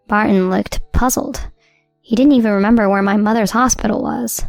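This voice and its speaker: A woman narrating a scripted first-person story in an even, measured way. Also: medium pitch, gravelly, dry recording, studio quality, soft background music.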